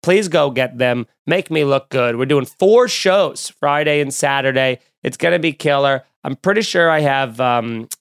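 Rambling comedian hosting a podcast. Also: male voice, mid-range voice, measured pace, few pauses, clean tone. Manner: loose, rambling, jokey. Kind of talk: casual podcast chat and plugs.

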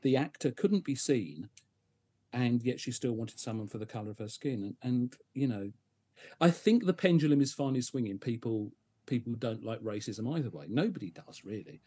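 A middle-aged man, a guest on a podcast, telling animated anecdotes and acting out other people's lines. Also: mid-range voice, normal speed, husky. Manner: animated storyteller, acts out others' lines, frequent laughs and restarts. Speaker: interview guest, advertising professional. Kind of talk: conversational podcast interview.

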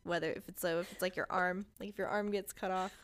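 A young woman co-hosting a true-crime podcast, joking loudly and swearing freely in casual chat. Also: lowish voice, fairly even intonation, fast talker, heavy background noise. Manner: loud, profane, joking. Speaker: podcast co-host.

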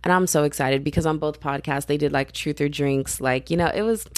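A young woman from Texas hosting her own podcast in casual, rambling, slangy chat that keeps jumping up in pitch when she gets excited. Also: a little fast, no room sound. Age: young adult. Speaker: podcast host.

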